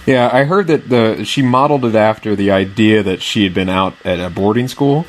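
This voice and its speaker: A man's voice: fairly low pitch, fairly quick. A man co-hosting a casual film podcast, sharing rambling, self-correcting anecdotes. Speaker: podcast co-host.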